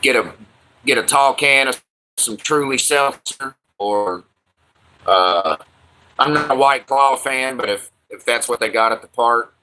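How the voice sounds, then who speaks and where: Slow-talking man on a livestream. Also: medium pitch, pushed and bright, slight background noise. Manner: loose, profane, slangy banter with viewers. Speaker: livestream host. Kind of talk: casual livestream chat.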